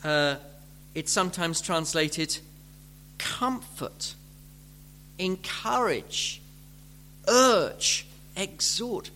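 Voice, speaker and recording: A male preacher with a bright, high voice delivers a sermon at an unhurried pace. He explains gently, then rises into fervent, pleading emphasis. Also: expressive.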